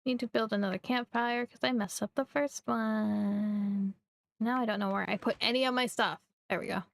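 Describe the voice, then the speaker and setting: A young woman from Missouri, chatting casually and rambling while she streams a game, quick to poke fun at herself. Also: fairly high pitch, steady tone, gravelly, no echo. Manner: rambling, chatty, self-deprecating. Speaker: livestreamer. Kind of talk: casual live gameplay chat.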